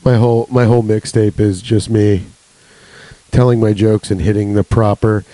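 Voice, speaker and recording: A man's voice: on the low side, flat delivery, moderate pace, dark tone, rough recording. A young adult man hosting a solo comedy podcast, rambling and swearing with laughs between jokes. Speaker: podcast host.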